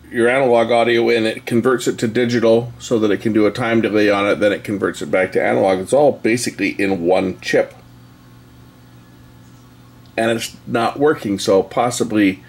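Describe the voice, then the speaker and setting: A middle-aged man casually demonstrating an electronics board, relaxed and explanatory with frequent pauses and fillers. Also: on the low side. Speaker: electronics hobbyist channel host. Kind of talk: casual hands-on product demo.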